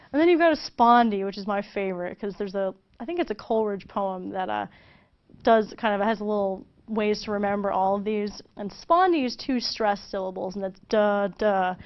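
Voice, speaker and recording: A woman's voice: mid-range voice, dull audio. A woman giving a casual, chatty video lesson, with frequent fillers and restarts as she explains. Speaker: teacher.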